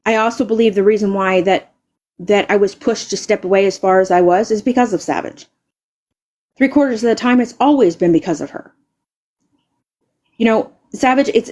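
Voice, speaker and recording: A woman's voice: medium pitch, darkish tone, dull audio. A woman live streamer delivering an angry, confrontational rant, stammering and repeating words and swearing heavily.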